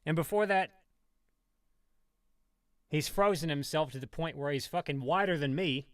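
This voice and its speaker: A man with a slightly high voice rants on a stream, swearing constantly and sarcastic as he rambles from one tangent to the next. The sound is dry and close, with no room around it. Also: normal speed, smooth, dry recording. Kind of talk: profane ranting commentary.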